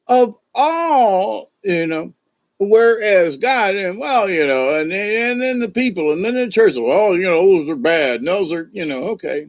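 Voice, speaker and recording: A man casually tells a folk tale as a shaman storyteller, rambling and restarting with plenty of "you know"s. His voice sits a bit high. The recording sounds dull and lo-fi. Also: expressive, a little slow, no echo.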